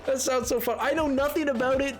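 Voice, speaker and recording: A man's voice: very high-pitched, steady tone, fast talker. A man streaming a game live, chatting casually with his viewers in a rambling way and laughing often.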